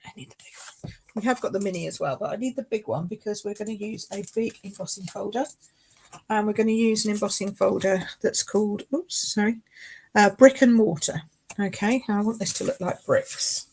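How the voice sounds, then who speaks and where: A woman's voice: medium pitch, fairly quick, darkish tone, breathy edge. A woman demonstrating card making in a live craft tutorial. She chats casually, often apologises and laughs along the way.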